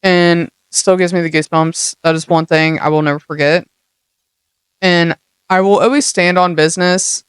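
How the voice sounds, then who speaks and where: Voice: mid-range voice, fairly even intonation, moderate pace, clear, resonant tone, no room sound, studio quality. A young adult podcast host giving a casual motivational monologue, blunt and heavily profane, full of streetwise slang.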